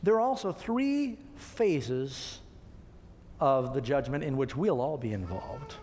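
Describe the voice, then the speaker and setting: A man's voice: mid-range voice, very animated, takes it slowly, a little mellow, slight background noise. A man preaching a sermon, emphatic and putting questions to his congregation. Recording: long reverb of a large hall.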